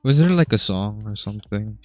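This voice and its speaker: Low-voiced dude goofing around on a podcast, halting questions, dry mic, bit of music behind. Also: male voice, expressive, dry recording. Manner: loose, joking, halting questions. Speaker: podcast co-host. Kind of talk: casual chat.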